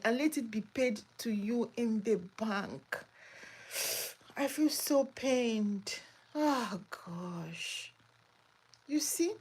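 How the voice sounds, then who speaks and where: Husky-voiced woman hosting a live chat. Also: on the high side, a little mellow. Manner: emphatic, repeats herself, exclamatory. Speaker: migration advice channel host. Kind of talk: live chat answering viewer comments. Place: home in Australia.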